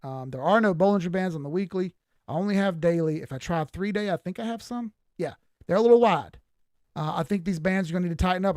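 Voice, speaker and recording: Southern-drawling man, high-pitched and blunt. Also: darkish tone, no echo. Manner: blunt, folksy and emphatic. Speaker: crypto chart analyst. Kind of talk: live-stream chart commentary.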